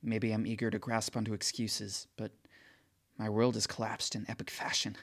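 A man's voice: on the low side, monotone, moderate pace. A man reading first-person audiobook narration with emotional, tearful outbursts.

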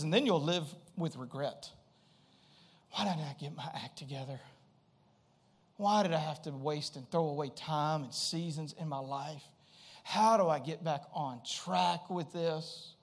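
High-voiced preacher telling a story. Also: male voice. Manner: animated storytelling, acts out quotes, addresses congregation directly. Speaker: pastor. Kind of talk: sermon.

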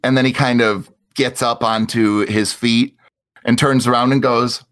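A man narrating as game master of a tabletop game, describing scenes slowly with searching fillers. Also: mid-range voice, fairly even intonation. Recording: loud music underneath.

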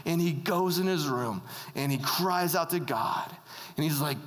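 Speaking in an unhurried mid-range voice, a preacher delivers a relaxed, conversational sermon and frequently asks the audience questions. Long hall reverb colors the recording.

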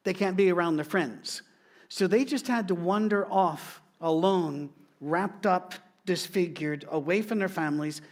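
High-voiced man preaching with humor. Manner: conversational, humorous, animated storytelling. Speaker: pastor. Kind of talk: sermon with storytelling.

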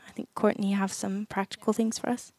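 A woman's voice: medium pitch, little pitch movement, fast talker, a little mellow. A woman speaking earnestly to parents at a church gathering, conversational, acting out short prayers as she goes. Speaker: women's ministry speaker. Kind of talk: sermon talk to parents.

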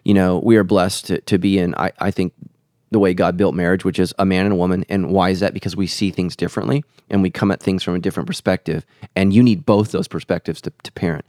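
A man with a very low voice talks as a pastor and podcast host, earnest and preacherly. He leans on repeated phrases to press his point. The sound is close and dry, with no room around it. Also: steady tone, fast, a little mellow, dry recording. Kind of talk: conversational podcast teaching.

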